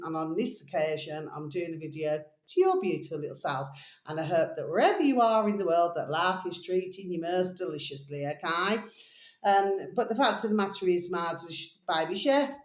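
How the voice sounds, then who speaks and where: A woman's voice: mid-range voice, a little mellow. A woman chatting in a rambling, affectionate way to her viewers, circling back to the same pet phrases. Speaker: vlogger. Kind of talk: casual rambling to-camera vlog. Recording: echoey room.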